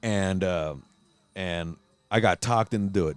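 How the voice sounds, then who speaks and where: A man with a fairly low voice hosts a loose, profane chat, spinning a heated story and acting out every line of dialogue. The sound is close and dry, with no room around it. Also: measured pace, smooth, no room sound. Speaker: podcast host.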